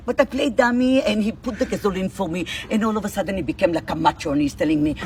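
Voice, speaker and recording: An older woman telling a story in broken English, animated and indignant. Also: mid-range voice, brisk, a little hiss or hum. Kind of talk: storytelling to camera.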